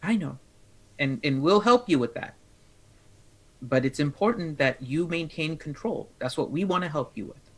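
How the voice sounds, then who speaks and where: A man's voice: a little high, expressive, moderate pace, a bit bright. A man playing a tabletop role-playing game in a chatty, playful way, talking as his character. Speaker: player. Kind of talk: casual tabletop play.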